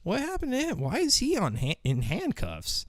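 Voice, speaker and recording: A man's voice: high voice, wildly swooping pitch, normal speed, no echo, clean studio sound. A male show host giving casual, rambling, profane commentary on video clips.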